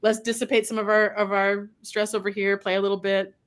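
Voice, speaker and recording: Anxious dog talking to its human, halting and pleading, woman doing the voice. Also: medium pitch, level tone, lightly acted. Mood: relieved. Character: worried dog confiding in its owner.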